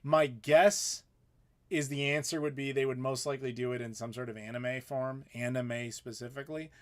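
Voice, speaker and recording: A man's voice: mid-range voice, fairly even intonation, moderate pace. A man, hosting a live question-and-answer stream, chatting casually and reading out viewer questions. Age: 30s. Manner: casual, rambling, reading chat aloud. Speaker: YouTube host. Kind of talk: live Q&A chat.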